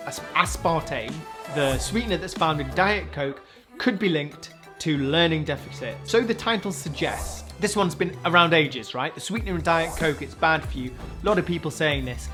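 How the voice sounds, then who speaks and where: A man's voice: fairly high pitch, normal speed, over music. A man in his twenties, a junior doctor and comedian, hosting a comic science news roundup with sarcastic asides. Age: 20s.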